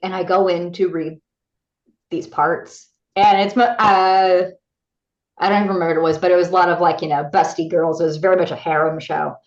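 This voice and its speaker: A woman voice actor, a guest on an interview show, telling a story in a lively way and acting out other people's lines in bright voices. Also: fairly low pitch, fairly quick. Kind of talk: animated anecdote telling. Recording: roomy, slightly dull recording.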